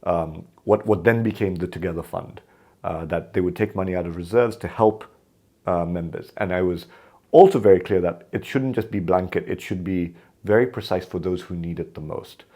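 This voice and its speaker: A man from Kenya speaks as a podcast guest in a very low voice. He tells his stories in a relaxed, conversational way, and he acts out the lines of the people in them. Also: moderate pace. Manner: animated, acts out quoted dialogue in his stories. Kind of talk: conversational interview storytelling.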